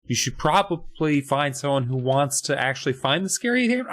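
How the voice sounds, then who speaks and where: A man's voice: medium pitch, very animated, brisk, a bit bright. A man co-hosting a podcast in casual chat, joking wryly with plenty of swearing. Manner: wry, profane joking. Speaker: podcast co-host.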